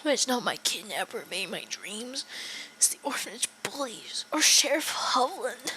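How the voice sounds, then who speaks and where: A haunted young man, bullied his whole life, whispers and then cries out in a high, strained voice, as a woman reads his lines from a horror game. The tone is bright and thin. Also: big pitch swings, moderate pace, slight background noise, rough recording. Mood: anguished. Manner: whispery, tearful, rising to cries. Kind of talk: reading game dialogue aloud.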